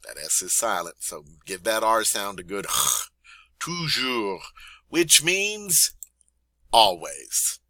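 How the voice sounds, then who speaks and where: A man teaching French vocabulary in a playful, chatty way, repeating each word slowly and teasing his students. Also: lowish voice, wildly swooping pitch, bright, forceful tone, no room sound. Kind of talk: vocabulary lesson.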